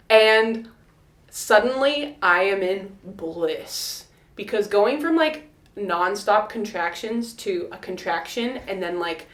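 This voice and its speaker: A young woman telling a personal story to camera in a casual, animated way, laughing often and acting out quotes. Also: fairly high pitch. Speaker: vlogger. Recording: echoey room.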